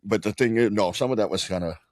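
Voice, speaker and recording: A man co-hosting a podcast in loose, profane casual chat, often stopping and restarting his sentences. His voice sits on the low side, and the recording is close and dry. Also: no echo. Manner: rambling, profane, halting restarts. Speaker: podcast co-host.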